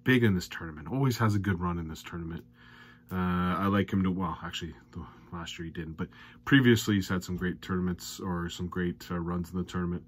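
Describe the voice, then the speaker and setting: A low-pitched man with a husky edge talks darts picks and betting odds. He rants in exasperation, his voice jumping high and loud when worked up, then drops back to a grumbling, matter-of-fact tone. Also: fairly quick. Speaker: darts predictions host. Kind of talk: sports betting commentary.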